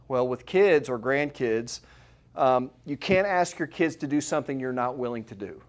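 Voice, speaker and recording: A man's voice: medium pitch, animated, moderate pace. A middle-aged man, a chiropractor, giving a live seminar talk to an audience in a room, conversational and full of rhetorical questions.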